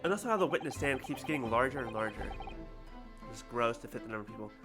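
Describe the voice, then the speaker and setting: A man's voice: medium pitch, animated, fast. A man streaming a game, chatting casually with wry, muttered asides. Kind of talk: casual let's-play commentary. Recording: game music behind.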